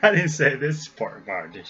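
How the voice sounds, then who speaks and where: A man's voice: mid-range voice, very animated, normal speed, bright, forceful tone. A man telling a long joke, laughing often as he goes, recorded on a webcam with dull lo-fi sound.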